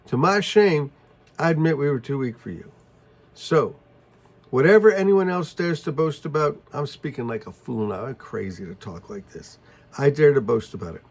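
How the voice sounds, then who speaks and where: A man's voice: mid-range voice, big pitch swings, normal speed, creaky, darkish tone. A male pastor teaching through a Bible passage, reading verses aloud and explaining them in a casual, emphatic way. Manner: emphatic, reads scripture then explains it casually. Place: church.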